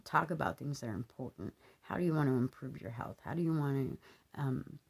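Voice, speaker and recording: Husky woman rambling earnestly to camera. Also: extremely low pitch, a little fast. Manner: earnest, rambling with many fillers. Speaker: vlogger. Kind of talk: casual monologue to camera.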